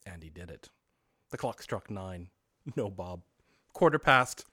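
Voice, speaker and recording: Expressive male storybook narrator. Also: low-pitched, unhurried, slightly rough. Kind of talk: storybook reading.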